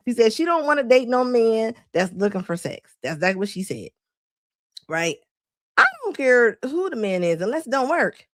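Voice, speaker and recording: A woman commenting live to her chat, animated and laughing often as she mocks the people she quotes. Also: on the high side, a little slow, long pauses, dry recording, clean studio sound. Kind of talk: reaction stream talking to chat.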